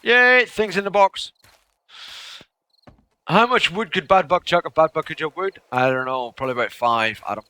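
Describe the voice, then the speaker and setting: Goofy, lively-voiced male game streamer. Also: fairly high pitch, fast talker, few pauses. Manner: goofy, rambling, playing with tongue twisters. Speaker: gaming streamer. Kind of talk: playful live-stream chatter.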